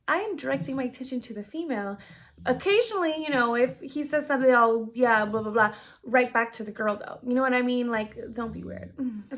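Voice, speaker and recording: High-pitched and bubbly, this young woman talks her way through a makeup tutorial and Q&A from a home room lit by ring lights, sometimes dropping into whispered asides. A slight hiss or hum sits under the audio.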